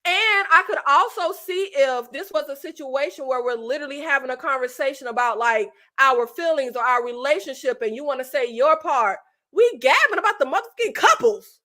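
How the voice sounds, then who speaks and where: A woman's voice: high-pitched, animated, brisk, bright, forceful tone. A woman vlogger giving casual, profane commentary on a reality show, ranting with emphatic repetition and laughing often. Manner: talkative and emphatic, repeats phrases.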